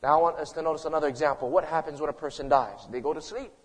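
A man with a high voice preaches with dramatic force, building to loud emphatic lines and dropping to hushed ones. His voice rings with the long reverb of a large hall. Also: rapid-fire. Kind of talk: sermon.

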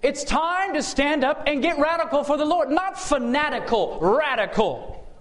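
A man's voice: extremely high pitch, expressive, moderate pace, a bit bright. A man preaching a sermon in a church sanctuary, asking the congregation rhetorical questions and calling for amens.

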